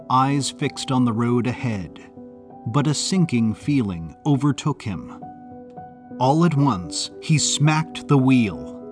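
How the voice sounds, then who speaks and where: A man reads a novel aloud in a measured, even way, taking his time. His voice sits in a plain middle range. Music plays behind him. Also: medium pitch. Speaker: narrator. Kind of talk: audiobook narration.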